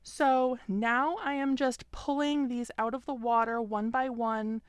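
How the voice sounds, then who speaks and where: A young adult woman calmly explaining, step by step, how she washes hand knits at home, with an occasional "um". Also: on the high side, measured pace, smooth, no room sound, studio quality. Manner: calm, step-by-step explaining with frequent "um". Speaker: fiber arts vlogger. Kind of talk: casual tutorial narration.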